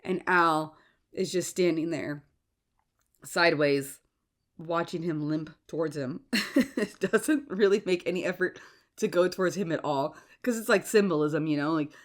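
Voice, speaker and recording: A woman's voice: sits low, unhurried. A woman hosting a casual solo podcast while sick with a cough and sore throat, chatty and stumbling over her words. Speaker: podcast host.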